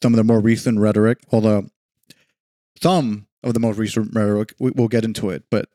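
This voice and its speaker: A man co-hosting a casual political podcast, exasperated and halting, restarting his sentences often. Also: fairly low pitch, steady tone, mellow, dry recording, studio quality. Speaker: podcast co-host.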